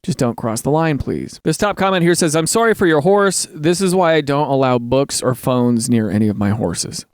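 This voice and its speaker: A man in his thirties casually reading online posts aloud and riffing on them with jokey, animated commentary. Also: medium pitch, moderate pace, hardly any pauses, no echo, clean studio sound. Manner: animated, jokey, bursts into loud mock cheering.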